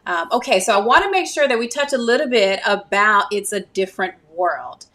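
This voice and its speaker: A woman's voice: medium pitch, expressive, fairly quick, sharp tone. A woman hosting a talk show interview, affirming her guest and chatting easily, with frequent light laughs. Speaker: host.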